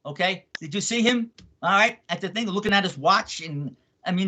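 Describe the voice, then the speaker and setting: A man's voice: fairly high pitch, lively intonation, normal speed, bright, forceful tone, a little hiss or hum. A man in his seventies speaking as a guest on a talk radio show, angry and emphatic, who keeps tagging his points with "okay?".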